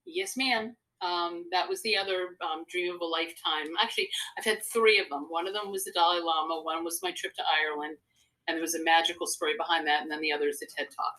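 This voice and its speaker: A woman's voice: lowish voice, steady tone, fast, pushed and bright, poor audio. An older woman, a psychotherapist and speaker, chatting earnestly as an interview guest, telling stories at length. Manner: earnest, rambling storyteller. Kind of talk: casual interview conversation.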